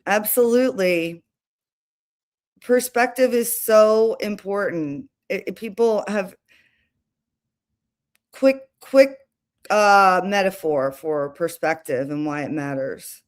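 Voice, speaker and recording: A woman's voice: mid-range voice, takes it slowly, pauses often. A woman hosting a casual livestream, talking in a chatty, rambling way with restarts and asides. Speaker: livestream host.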